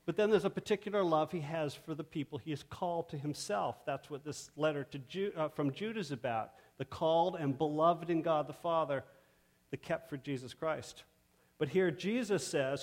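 A man preaching a sermon, measured and emphatic, pausing to stress key words. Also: a little high. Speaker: pastor.

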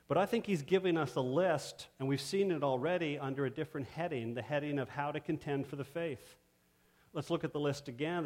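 A man preaching a sermon, measured and emphatic, pausing to stress key words. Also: medium pitch, a little mellow. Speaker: pastor.

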